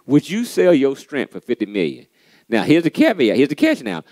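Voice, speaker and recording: A man hosting a motivational church pep talk, animated and preachy, often saying "man" and repeating key lines for emphasis, with a playfully sarcastic edge. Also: medium pitch, moderate pace, dry recording.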